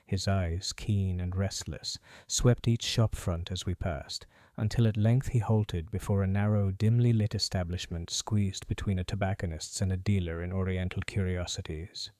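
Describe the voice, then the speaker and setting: A man narrates a period mystery audiobook in an even, atmospheric way. His voice is low and mellow. The recording is dry, with no room sound. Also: no room sound. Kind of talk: scripted narration.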